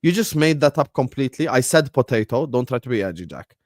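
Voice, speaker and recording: A man hosting a football watchalong stream, bantering with chat and breaking into loud bursts when the match heats up. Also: mid-range voice, animated, fast, no room sound, clean studio sound. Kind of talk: casual live-stream chat with match commentary.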